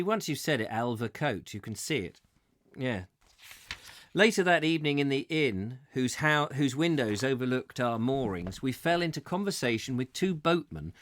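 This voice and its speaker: A man's voice: medium pitch, dry recording, clean studio sound. A man hosting a live book reading, reading steadily and breaking off for chatty, amused asides and self-corrections. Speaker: host reading a book aloud.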